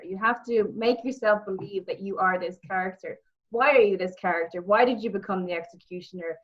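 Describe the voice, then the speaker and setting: A young woman with a Dublin Irish accent, a guest telling lively stories in a casual interview. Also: mid-range voice, a little fast. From Ireland. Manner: animated storytelling, repeats words, acts out quotes. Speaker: interview guest, former wrestler and actress. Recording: muffled lo-fi audio.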